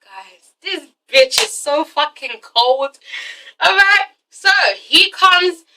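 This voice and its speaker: A woman's voice: extremely high pitch, expressive, slow, background noise. A woman recapping a TV episode in a chatty, sassy, profane vlog. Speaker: TV show reviewer.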